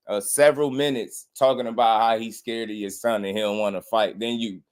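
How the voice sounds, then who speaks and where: A young man hosting a casual boxing livestream, animated and slangy, laughing often and mimicking people. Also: lowish voice, fairly quick, smooth. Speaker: boxing commentary host.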